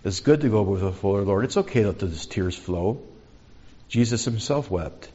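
A man's voice: lowish voice, lively intonation, moderate pace, warm tone, breathy edge, dull audio. A man preaching a sermon as pastor, conversational, asking the congregation questions.

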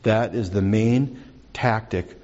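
A man's voice: on the low side, slow pace, a little mellow, highs cut off. Conversational male pastor preaching. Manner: conversational, asks the congregation questions. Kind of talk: sermon.

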